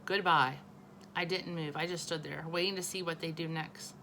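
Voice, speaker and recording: A woman teacher reading a children's novel aloud, expressive and correcting her own small slips. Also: low voice, brisk, a little hiss or hum, poor audio.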